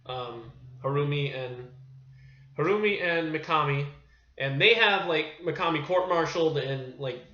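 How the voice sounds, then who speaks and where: A rambling, chatty male film reviewer with a bright, forceful voice that sits a little high. He talks loosely and keeps losing his thread. The sound is dull and lo-fi, in an echoey room. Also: a little slow. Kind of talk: casual film review monologue.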